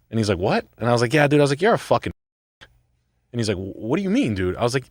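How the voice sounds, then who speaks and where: A man's voice: medium pitch, quick pace, no room sound, clean studio sound. A man from Rhode Island telling a story in casual, profane talk, acting out the quoted voices as he goes. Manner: animated, swearing, acts out quoted voices. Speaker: show regular telling a story.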